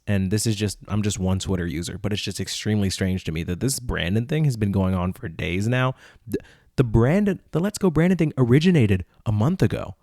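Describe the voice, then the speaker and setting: A man's voice: on the low side, darkish tone, no room sound, clean studio sound. A young man hosting a podcast, reading tweets aloud and ranting about them in an incredulous, casual way, sometimes putting on mock voices. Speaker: podcast host.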